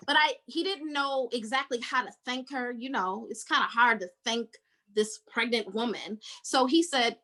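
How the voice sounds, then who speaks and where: A woman's voice: fairly high pitch, normal speed, bright, forceful tone, rough recording. A woman podcast host recapping a book in casual chat, telling the story with energy and acting out the characters' lines.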